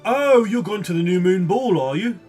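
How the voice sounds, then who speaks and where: A man's voice: high voice, animated, normal speed, darkish tone, soft background music. A man voicing a small, chatty male gnome shoe-shop keeper in a wobbly put-on regional accent, rambling with many fillers. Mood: eager. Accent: vague Birmingham-like put-on accent. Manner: hesitant, rambling salesman patter with many fillers.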